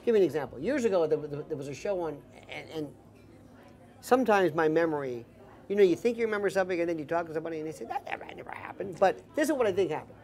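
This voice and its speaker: A man's voice: a little high, rapid-fire. A man in a casual dinner table conversation, telling stories with lots of acted-out quotes. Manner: animated storyteller, acts out quotes in voices. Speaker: political commentator guest.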